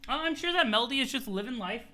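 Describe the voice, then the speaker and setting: A man casually reacting to a webcomic on a live stream, excitable and quick to laugh. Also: very high voice.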